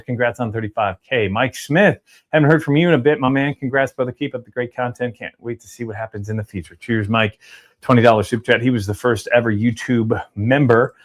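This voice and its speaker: Upbeat man hosting a livestream. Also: medium pitch. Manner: upbeat, chatty, reads names and donations in quick lists. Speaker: livestream host reading super chats. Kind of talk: casual livestream chat.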